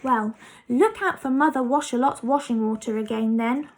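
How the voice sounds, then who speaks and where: A woman voicing a gentle, chatty female fairy giving a warning. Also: a little high, normal speed, close to an everyday voice.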